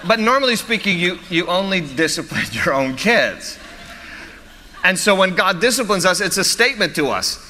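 A man preaching a sermon as a pastor, animated and storytelling, often restarting his phrases. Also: high voice, moderate pace, big-room sound, a little hiss or hum.

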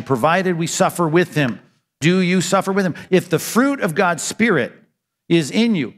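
A man's voice: a little high, a bit bright, long reverb tail. A man preaching a sermon as pastor, asking rhetorical questions and answering them himself with emphatic conviction.

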